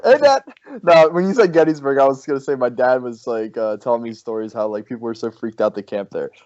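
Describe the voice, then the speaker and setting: Young man as podcast co-host, laid-back, hesitant, mid-pitched voice, dry and slightly muffled recording. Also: steady tone, fast, a little mellow, no room sound. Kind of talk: casual storytelling among friends. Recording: dry, slightly dull close-mic sound.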